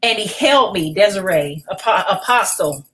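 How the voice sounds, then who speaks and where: Middle-aged woman pastor, podcast guest; emotional, animated testimony, frequent restarts. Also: medium pitch, normal speed, a little hiss or hum, low-quality recording. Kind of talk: personal testimony in a podcast interview.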